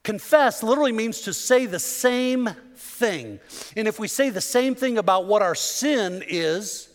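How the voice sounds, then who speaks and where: Male pastor, fervent sermon, rhetorical questions, high voice, long church reverb. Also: expressive, a little slow. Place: church sanctuary.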